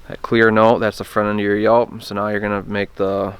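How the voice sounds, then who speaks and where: A man's voice: lowish voice, flat delivery, brisk, clean tone, no echo. A man casually teaching a hands-on technique, plainspoken and hesitant, often restarting his sentences. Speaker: turkey call instructor. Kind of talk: casual how-to demonstration.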